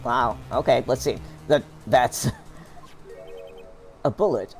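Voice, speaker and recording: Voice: mid-range voice, slow, long pauses, soft background music. A streamer casually commenting while playing a video game, rambling and restarting sentences. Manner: rambling, self-interrupting, laughs a lot. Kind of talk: casual let's-play commentary.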